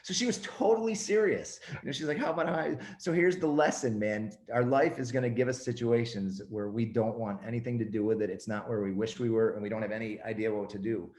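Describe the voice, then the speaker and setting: A man tells a funny story in a relaxed, animated way, breaking into laughs. His voice sits a little low. The room around him rings with echo. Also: a little fast, hardly any pauses. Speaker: motivational speaker guest. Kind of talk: casual storytelling chat.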